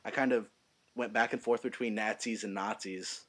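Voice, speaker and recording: A man's voice: lowish voice, fairly even intonation, normal speed, fairly bright tone. A man hosting a casual podcast, introducing segments with hesitant ums. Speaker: podcast host.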